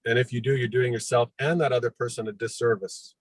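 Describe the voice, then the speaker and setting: A real estate agent guest speaking plainly and practically in a casual panel chat. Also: male voice, mid-range voice, fairly even intonation, quick pace, dry recording, poor audio.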